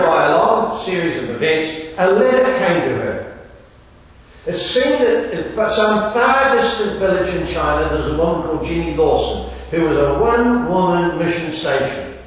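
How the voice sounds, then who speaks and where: High-voiced male storyteller in echoing hall. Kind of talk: dramatic storytelling. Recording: echoey hall from far off.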